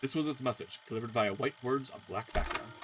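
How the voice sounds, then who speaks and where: A man streaming a story game, narrating its text aloud in an animated way and stumbling now and then. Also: medium pitch, a little fast, background noise.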